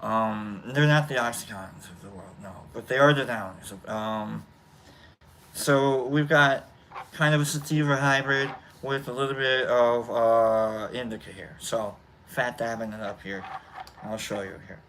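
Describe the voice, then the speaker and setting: A man hosting a casual chat show, talking in a rambling, halting way full of fillers and restarts. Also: medium pitch, a bit bright, slight background noise. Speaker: host. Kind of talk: casual chat while smoking.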